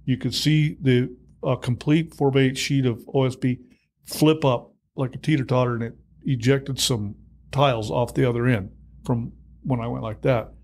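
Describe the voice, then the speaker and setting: A man in his sixties, a retired fire captain, telling stories in an interview, animated and quick to laugh. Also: medium pitch. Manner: animated storyteller, acts out dialogue, laughs often. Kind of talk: storytelling in a podcast interview.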